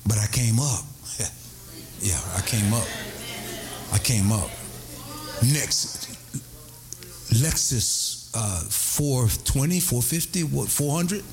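Animated preacher man. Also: takes it slowly, long pauses, soft background music. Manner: animated, breaks into high excited cries and laughter. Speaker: pastor. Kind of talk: storytelling sermon.

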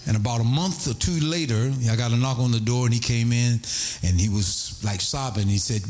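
A middle-aged man, a pastor telling a story in a sermon, animated and prone to high excited cries. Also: fairly quick.

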